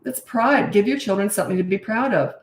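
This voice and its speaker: A middle-aged woman gives parents blunt, emphatic advice and laughs at her own lecturing. Her voice sits at an ordinary middle pitch. The recording carries a noticeable room echo. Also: fairly quick. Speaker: parenting coach. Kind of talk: casual advice monologue. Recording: echoey room.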